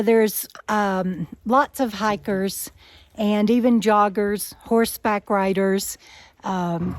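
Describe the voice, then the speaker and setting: A woman telling a story in a casual outdoor vlog while out hiking on a forest trail, a little out of breath and laughing often. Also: medium pitch. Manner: chatty, laughs often, animated retelling. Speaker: RV nomad vlogger.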